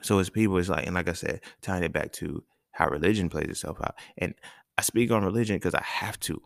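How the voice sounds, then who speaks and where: Male podcast host, very low gravelly voice, blunt profane rant, dry close mic. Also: a little fast, no echo. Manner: blunt, profane, animated rants with rhetorical questions. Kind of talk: casual solo podcast monologue.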